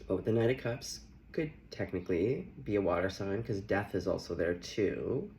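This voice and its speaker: A man's voice: low voice, normal speed, a little mellow, a little hiss or hum. A young man giving a casual, playful tarot reading, often laughing as he talks. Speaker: tarot reader.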